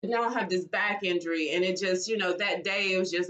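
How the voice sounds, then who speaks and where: A woman's voice: fairly low pitch, fairly even intonation, a bit bright, recorded from a distance, lo-fi sound. Weary, emotional woman in her forties. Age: 40s. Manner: tired, halting and emotional, with sighs and restarts. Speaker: vlogger. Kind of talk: emotional personal vlog.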